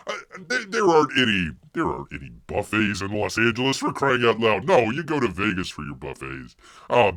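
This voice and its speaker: A man's voice: mid-range voice, no echo, clean studio sound. A man hosting a live stream in casual chat, calling himself Bear in the third person with over-the-top mock mourning.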